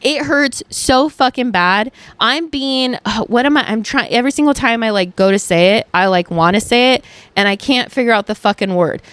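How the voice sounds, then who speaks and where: A woman's voice: a little high, normal speed, clear, resonant tone, no echo. Frank, swearing young woman host, dry sound. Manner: animated, frank, swearing, lots of fillers. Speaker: podcast host. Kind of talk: casual solo chat.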